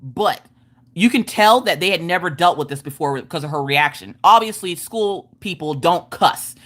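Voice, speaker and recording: Blunt, bright-voiced woman telling a story. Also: on the low side, normal speed. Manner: animated, blunt, swears freely. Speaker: livestream host. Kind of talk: casual storytelling to viewers.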